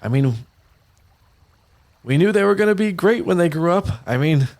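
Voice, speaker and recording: A man voicing a seasoned mother who calmly reassures everyone she has seen it all. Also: high voice, normal speed, pitched above the performer's own voice. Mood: proud. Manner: reassuring and matter-of-fact.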